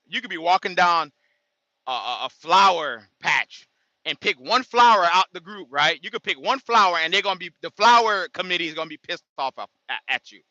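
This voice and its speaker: A man who drives trucks talks casually on a livestream and tells his story with animated emphasis. His voice is bright and slightly high, and the dull, dry audio sounds like a basic stream setup. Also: normal speed, no echo. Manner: animated, emphatic retelling with acted quotes. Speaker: truck driver content creator.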